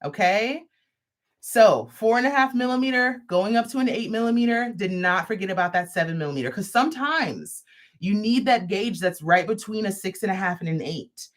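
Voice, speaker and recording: A woman's voice: medium pitch, moderate pace. A woman hosting a live crochet stream, showing off a product with playful, sassy asides. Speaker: host of a crochet livestream. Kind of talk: live product demo chat.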